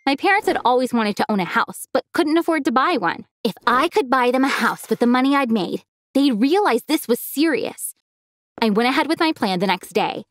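A woman narrating a first-person animated story as a teenage girl, expressive and lively in delivery. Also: sits high, a little fast, dry recording. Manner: expressive, acts out a teenage girl's feelings.

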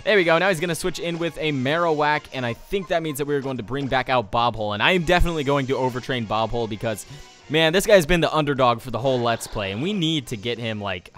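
A man's voice: mid-range voice, a bit bright. A young adult man giving casual gameplay commentary, rambling with jokey asides. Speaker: let's play host.

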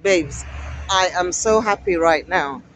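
A woman's voice: fairly low pitch, takes it slowly, a little hiss or hum, poor audio. Chatty woman vlogging on a street. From Africa. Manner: chatty and repetitive, full of rhetorical questions, gets excitable. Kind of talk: casual walking vlog to camera. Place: outdoors on a busy town street.

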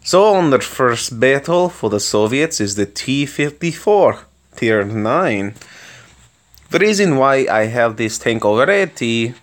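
A young man commenting on his own tank game in a playful mock Russian accent, with excitable outbursts mid-battle. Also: on the low side. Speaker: gaming video host. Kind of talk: gameplay commentary.

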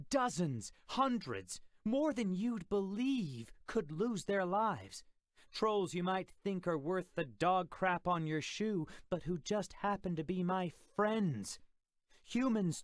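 A man's voice: medium pitch, dry recording, clean studio sound, lightly acted. A man voicing a furious, commanding young male troll hunter in an audiobook, snarling and scolding. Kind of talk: audiobook character voice.

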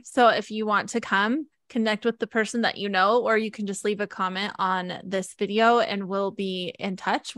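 A woman's voice: medium pitch, fairly bright tone, dry recording. A woman hosting a healing event, talking casually in an effusive, emotional way on a video call. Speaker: event host. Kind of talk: casual group chat.

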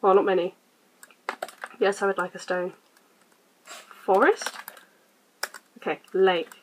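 A woman hosting a casual let's-play, quietly reading game text aloud and muttering her choices. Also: medium pitch, fairly even intonation, slow, a little hiss or hum, rough recording. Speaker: gaming channel host.

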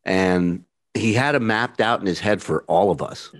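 A man's voice: fairly low pitch, moderate pace. A man hosting a podcast, talking earnestly about a late mentor in a casual chat. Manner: earnest, reflective. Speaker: podcast host.

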